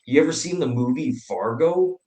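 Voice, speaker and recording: A man's voice: medium pitch, expressive, normal speed, roomy sound, crowd noise, rough recording. A man from Canada chatting casually on a group call, rambling and swearing freely. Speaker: call participant.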